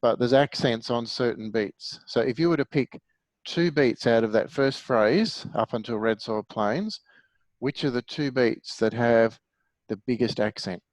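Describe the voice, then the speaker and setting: A man's voice: medium pitch, a little slow, no room sound, poor audio. Patient male music teacher, middle-aged, dry close mic. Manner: patient, explanatory, asks the class questions. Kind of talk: online music theory lesson.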